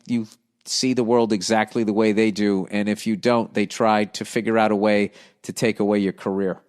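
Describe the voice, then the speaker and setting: A man's voice: on the low side, little pitch movement, moderate pace, a little mellow, clear, resonant tone. A man hosting a podcast, ranting casually in a blunt, profane and sardonic way and rambling as he thinks aloud. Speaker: podcast host. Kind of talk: casual comedic rant.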